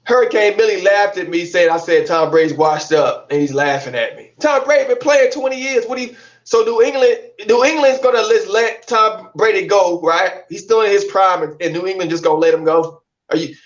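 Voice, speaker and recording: A man's voice: sits high, lively intonation, fairly quick, muffled recording. A man ranting in heated sports talk, repeating himself and calling out to his chat, from the Tampa area. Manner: ranting, repetitive, addresses the chat. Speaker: co-host of a sports call-in stream.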